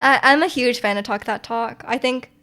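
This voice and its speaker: A young woman with a Canadian accent chats casually with her live viewers, her voice sitting a little high. She rambles from thought to thought, giggling and leaning on plenty of ums and likes. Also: normal speed, bright, forceful tone. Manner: rambling, chatty, giggly, many fillers. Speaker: streamer.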